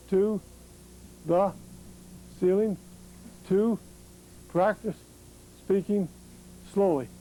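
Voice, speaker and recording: Gravelly man, a bit high-pitched, a lively storyteller talking frankly to students. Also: a little hiss or hum, poor audio. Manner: animated storyteller, salty, laughs often. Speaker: accident survivor speaking to students. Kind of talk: personal story told to a group.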